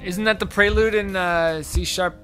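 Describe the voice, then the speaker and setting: A man's voice: high voice, fairly even intonation, normal speed, pushed and bright. A man live-streaming from his home studio, chatting casually at the piano and reading out viewer comments. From Massachusetts.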